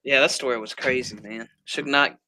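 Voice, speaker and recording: A man hosting a casual podcast chat, laid-back and quick to laugh and agree. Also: mid-range voice, sharp tone, a little hiss or hum, rough recording.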